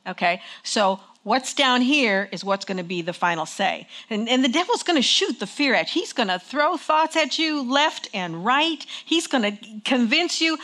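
A woman's voice: on the high side, expressive, moderate pace, few pauses, a bit bright. A woman preaching a sermon in a conversational way, checking in with her congregation and leading them in call and response. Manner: conversational, engaging the congregation with frequent "okay?". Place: church with congregation.

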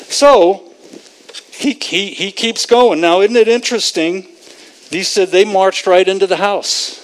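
A man preaching a sermon, animated, acting out the scripture figures in voices. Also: sits high.

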